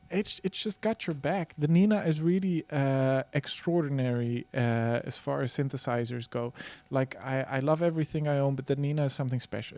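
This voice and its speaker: A man's voice: on the high side, darkish tone. A man vlogging in casual chat, enthusiastic and rambling with many fillers. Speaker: synth vlogger.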